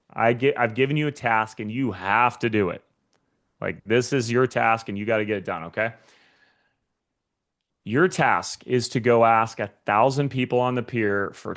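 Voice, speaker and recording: Energetic man coaching sales agents. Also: mid-range voice, a little slow. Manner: energetic, addresses the audience directly, acts out short scenes. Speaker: guest speaker coaching real estate agents. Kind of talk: motivational sales training talk.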